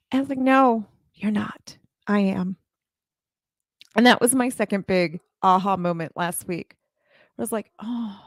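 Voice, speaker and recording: Woman coach with a bright high-ish voice, close and dry, earnest live-stream talk to her viewers. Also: no room sound. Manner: earnest and emotional, talks to viewers directly. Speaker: childcare business coach and owner. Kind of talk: live-streamed faith talk to business leaders.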